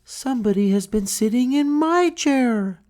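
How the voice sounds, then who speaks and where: A man voicing a middle-sized mother bear in a measured, raised voice in a storybook read-aloud. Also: very high-pitched, lively intonation, darkish tone, pitched above the performer's own voice. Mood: indignant.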